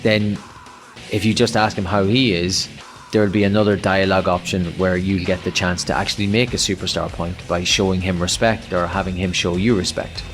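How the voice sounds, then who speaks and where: An Irish man co-hosting a podcast, his voice sitting low and easy. He talks in loose, rambling runs with false starts and self-corrections. A faint bed of guitar music plays underneath. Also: little pitch movement, a bit bright. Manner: rambling, halting, many restarts. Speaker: podcast co-host. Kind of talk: casual podcast chat.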